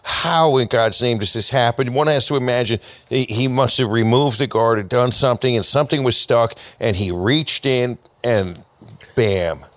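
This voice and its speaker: A man's voice: mid-range voice, moderate pace, fairly bright tone, dry recording. Emphatic male lawyer on a podcast. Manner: emphatic, rhetorical questions. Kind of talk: casual chat.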